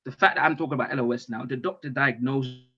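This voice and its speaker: A man with speech, doing a stand-up comedy monologue in an animated way, with loud outbursts and swearing. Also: medium pitch, fast, breathy edge. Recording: dull lo-fi stream audio.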